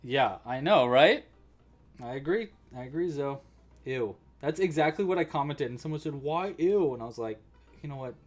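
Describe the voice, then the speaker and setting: With a medium-pitched voice, lively intonation, and a moderate pace, a crochet livestream host chats with viewers during a casual tutorial. He responds to chat as he works and quietly counts his stitches aloud.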